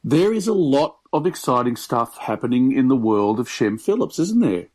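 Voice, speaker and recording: A man wrapping up an interview in a friendly, measured way. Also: medium pitch, very animated, darkish tone. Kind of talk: interview wrap-up.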